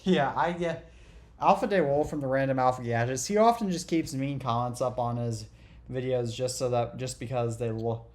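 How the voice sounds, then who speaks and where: A man's voice: medium pitch, normal speed, a little mellow. A young man from the southeastern United States, a podcast guest in casual chat who leans hard on words and drags out their endings.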